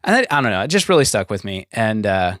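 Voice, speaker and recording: Animated young American man telling a story. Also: fairly low pitch, fast talker, no echo, studio quality. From United States. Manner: storytelling, animated, acts out quoted people. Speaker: podcast co-host. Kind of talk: casual podcast conversation.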